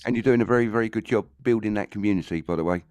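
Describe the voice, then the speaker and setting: Low-voiced guy, earnest, stumbles a bit, dry sound. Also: racing, darkish tone, smooth, no echo. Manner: hesitant, earnest. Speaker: regular guest on call. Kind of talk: casual chat.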